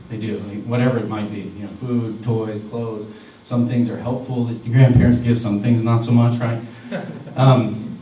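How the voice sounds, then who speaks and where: A man's voice: medium pitch, a little mellow. Male pastor, thirties, casual preaching, joking asides, voice from across an echoey church hall. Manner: conversational, joking asides to the congregation. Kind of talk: sermon. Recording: echoey room from a distance with faint hiss.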